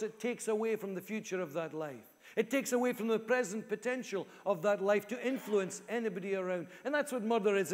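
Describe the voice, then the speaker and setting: A man's voice: sits high, big-room sound. A male pastor preaching a sermon in an earnest way, repeating key phrases for emphasis. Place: church hall.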